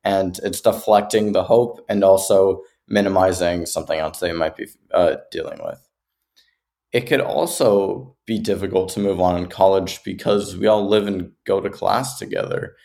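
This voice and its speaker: Young male interviewer; deep, gravelly, thoughtful, sets up questions at length. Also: steady tone, normal speed, a little mellow.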